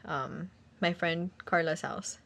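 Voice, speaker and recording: A woman's voice: on the low side, slow pace, vocal fry, fairly bright tone. A young woman in casual conversation, telling a sad personal story in a rambling way with lots of fillers and acted-out quotes. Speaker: guest sharing a personal story. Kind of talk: casual chat.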